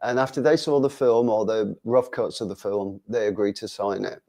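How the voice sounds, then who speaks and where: A man's voice: lowish voice, fairly even intonation, moderate pace, warm tone. A man in his sixties, a musician guest in an interview, telling chatty anecdotes and acting out what people said. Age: 60s. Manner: chatty anecdotal, acts out quotes. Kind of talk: casual interview storytelling.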